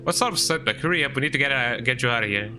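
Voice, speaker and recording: A man's voice: medium pitch, expressive, very fast, bright, forceful tone, soft background music. A man streaming a video game, chatting casually in a rambling way and tagging lines with "eh". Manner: rambling, frequent "eh" tag. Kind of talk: casual gameplay commentary.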